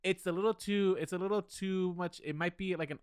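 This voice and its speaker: This podcast co-host speaks briskly in a high-pitched, smooth voice with a steady tone, chatting casually about movies. Blunt and full of opinions, he pokes fun at himself and owns up to his biases. The recording is clean studio audio with no room sound.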